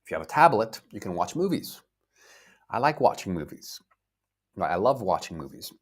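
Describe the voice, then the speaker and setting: A man from the United States teaching a live online English lesson, speaking slowly and clearly, repeating words and acting out feelings for his viewers. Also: on the low side, big pitch swings.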